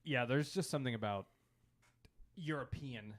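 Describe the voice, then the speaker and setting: A man co-hosting a podcast, talking in an animated, jokey way with lots of fillers. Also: mid-range voice, moderate pace. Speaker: podcast co-host. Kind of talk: casual chat.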